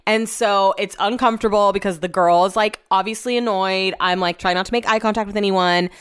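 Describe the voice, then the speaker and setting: A woman's voice: mid-range voice, steady tone, brisk, smooth. Chatty young woman rambling a storytime. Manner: chatty, rambling, frank with casual swearing. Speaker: vlogger. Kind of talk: casual storytime chat. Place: home, indoors.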